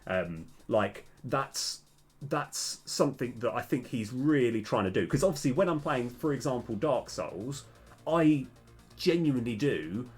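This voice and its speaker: A man's voice: mid-range voice, darkish tone, husky. A young man streaming game development, chatting casually and hesitantly with many fillers and restarts, his voice slightly worn. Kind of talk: casual live coding chat.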